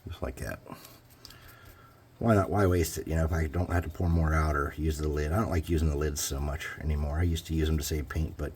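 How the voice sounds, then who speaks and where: A man's voice: very deep voice, steady tone, fairly quick, darkish tone, a little hiss or hum. A man talking casually through a painting tutorial, thinking aloud as he works. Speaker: hobby crafter.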